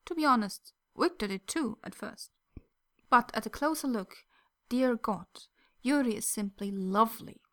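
A woman narrating a fan fiction story in a soft, gentle reading voice that at times drops close to a whisper. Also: a little high, animated, moderate pace.

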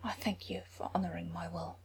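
A woman voicing a dying, proud young prince who speaks in weak, hushed whispers with cold formality. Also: fairly low pitch, level tone, a little fast, creaky, a little hiss or hum, pitched below the performer's own voice. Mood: faint, bitter. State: gravely wounded, short of breath.

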